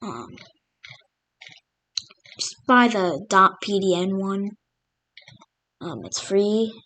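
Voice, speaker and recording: Slow, rambling woman narrating a map. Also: medium pitch, very animated, fairly bright tone, no echo. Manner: rambling, full of fillers like "literally" and "like". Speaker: map video creator. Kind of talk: casual narration over a map.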